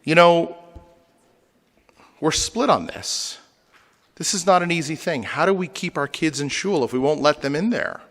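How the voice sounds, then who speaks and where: A man's voice: a little high, expressive, a little slow, long pauses, fairly bright tone. A man, a rabbi, lecturing a congregation with humor and rhetorical questions. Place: synagogue hall. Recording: long hall reverb.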